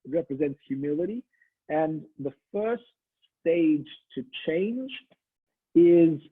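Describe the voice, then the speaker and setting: A man's voice: on the high side, husky. A man, a rabbi, giving a holiday sermon in a conversational, storytelling way, often restarting his sentences. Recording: tinny phone-like audio.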